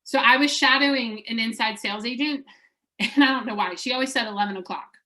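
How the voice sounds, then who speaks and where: A woman's voice: on the high side, fairly quick, pushed and bright. A woman coaching real estate agents in an upbeat, chatty way, acting out sample voicemails as she teaches.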